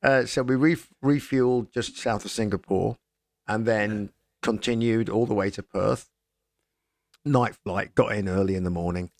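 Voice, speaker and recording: A middle-aged man, a rock singer and pilot, telling a lively anecdote in casual chat. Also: fairly low pitch, moderate pace, no room sound, studio quality. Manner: animated anecdote, lively quoted voices. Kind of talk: casual storytelling.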